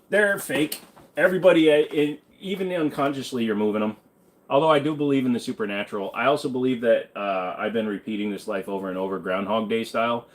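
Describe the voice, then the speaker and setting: A man hosting a live question-and-answer stream, talking in a loose, rambling way and swearing freely. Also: mid-range voice. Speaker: livestream host answering chat questions. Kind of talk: casual livestream Q&A.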